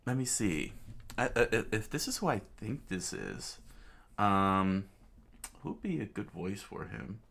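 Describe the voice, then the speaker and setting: A man's voice: fairly low pitch, expressive, measured pace, vocal fry, a bit bright. A man reading a comic aloud in a casual, rambling way, full of fillers and side comments. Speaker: comic reader. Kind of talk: casual read-along narration.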